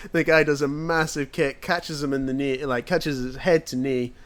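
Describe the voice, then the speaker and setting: A man co-hosting a casual podcast chat, relaxed and wry as he recounts fight clips. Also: fairly high pitch, normal speed. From Ireland. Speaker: podcast co-host.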